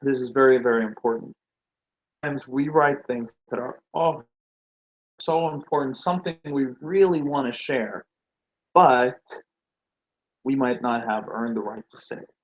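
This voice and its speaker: A man's voice: mid-range voice, a little slow, pauses often, muffled recording. Man giving a business talk. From Nordic. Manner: rhetorical questions, acts out quoted reactions. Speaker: speaker on branding and sales.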